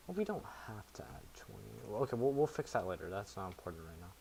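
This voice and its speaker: A man with a slightly low voice narrates his own programming for viewers in a relaxed, unscripted way. He thinks out loud and pokes fun at himself, while faint noise sits in the background. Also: quick pace, creaky. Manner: thinks aloud, self-mocking asides. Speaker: programmer streaming to chat. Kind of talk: casual live coding commentary.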